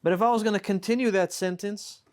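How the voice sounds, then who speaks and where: A man with a slightly high voice teaches a classroom grammar lesson. He moves patiently through example after example, stopping now and then to make sure his students are following. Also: fairly even intonation, fast, darkish tone. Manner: patient, explains with repeated examples and checks "right?". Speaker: Arabic teacher.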